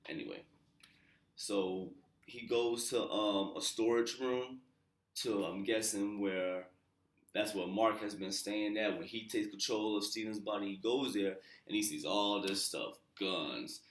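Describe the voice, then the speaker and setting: Low-voiced man recapping a TV episode. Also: a little slow. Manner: loose and slangy, with profane asides and muttered side comments. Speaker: TV episode reviewer, channel host. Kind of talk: casual unscripted episode recap. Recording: roomy echo.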